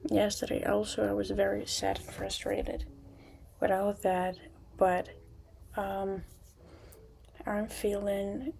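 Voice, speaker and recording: A young woman chats casually with her livestream viewers from a room at home, stopping and restarting her sentences. Her voice is mellow and gravelly with little rise and fall. A faint hiss sits under her computer mic. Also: medium pitch, level tone. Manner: halting, restarts often, soft at times.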